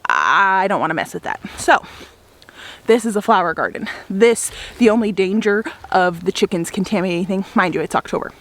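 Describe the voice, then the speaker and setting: She's a young flower farmer and homesteader vlogging casually in her garden, laughing frequently and sounding upbeat, if a little winded. Her mid-range, slightly bright voice swings widely in pitch and moves briskly.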